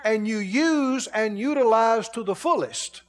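A man's voice: sits high, animated, measured pace, long reverb tail. A man preaching a sermon in a folksy way, laughing as he acts out grumbling complaints.

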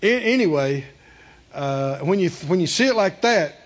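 A man's voice: fairly high pitch, expressive, normal speed, highs cut off. A man preaching a sermon, emphatic and repeating his phrases, with call-and-response to the congregation. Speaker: pastor.

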